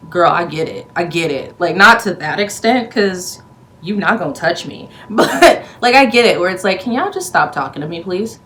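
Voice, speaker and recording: A woman's voice: mid-range voice, fairly bright tone, low-quality recording. A woman recapping a movie in a casual vlog, rambling and profane, with sarcastic, exasperated asides. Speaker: movie reviewer.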